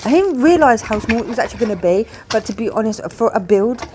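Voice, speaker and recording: A woman chatting quietly and enthusiastically as she talks through a building video. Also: a little high, lively intonation, quick pace, noisy background. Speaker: Lego building vlogger. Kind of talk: casual chat over a build video.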